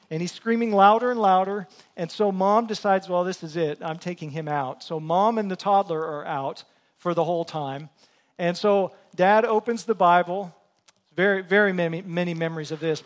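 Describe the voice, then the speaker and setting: A middle-aged man preaching a sermon in a church, telling earnest, self-deprecating stories about family life. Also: high voice. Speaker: pastor.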